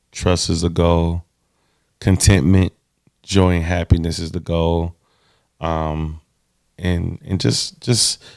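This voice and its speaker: Male co-host with a low, gravelly voice; laid-back, reflective, jokes easily. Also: a little mellow, no echo, studio quality. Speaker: podcast co-host. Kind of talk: casual chat.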